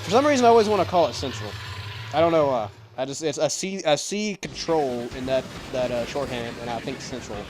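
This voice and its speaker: A man's voice: mid-range voice, lively intonation, brisk, background noise. A young man hosting a let's play, rambling and self-deprecating in casual gameplay commentary, often stumbling over words. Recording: game music behind.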